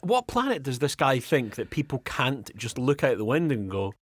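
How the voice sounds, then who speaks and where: A man's voice: mid-range voice, very animated, normal speed, dry recording. A Scottish man co-hosting a podcast, ranting sarcastically with plenty of swearing in casual comedic chat. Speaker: podcast co-host.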